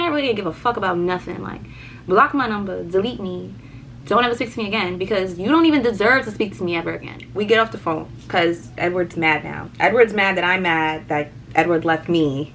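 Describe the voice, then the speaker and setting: A young woman vlogger chatting casually through a story, animated, swearing and repeating words for emphasis. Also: mid-range voice, fast, a little hiss or hum, low-quality recording.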